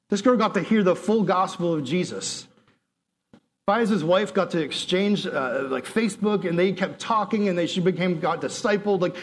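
A man, a pastor, preaching a sermon and telling a story, animated and acting out quotes with a raised voice. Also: high-pitched.

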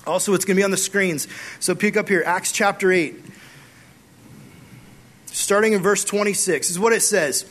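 A young man preaching a casual youth group sermon, animated and acting out conversations with God as he retells a Bible story. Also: sits high, moderate pace, pauses often. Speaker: youth pastor.

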